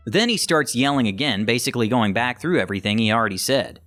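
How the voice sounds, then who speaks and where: A man reading online stories aloud as scripted narration, animated and acting out the quoted lines. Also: medium pitch, fast talker, soft background music. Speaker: story narrator.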